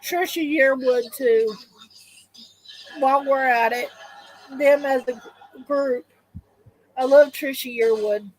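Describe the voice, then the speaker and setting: A woman's voice: high-pitched, slow, long pauses, a little mellow, poor audio. A woman hosting a live stream, giving casual reaction commentary in chatty, gushing fragments as she thinks aloud.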